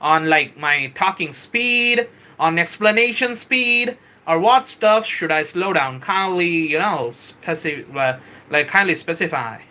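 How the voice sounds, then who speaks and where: A man hosting a live stream, chatting with viewers, reading their comments aloud and explaining a software model, often saying "bro" and "kindly" and correcting himself as he goes. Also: on the high side, lively intonation, a little slow. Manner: self-correcting, hesitant restarts. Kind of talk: casual live-stream teaching.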